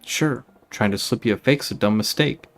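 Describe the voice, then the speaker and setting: A brash, tough male gangster from a video game, blunt and slangy in a low voice as a man reads his lines aloud. He talks plainly, with little put-on gruffness. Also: normal speed, lightly acted. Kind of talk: reading game dialogue aloud.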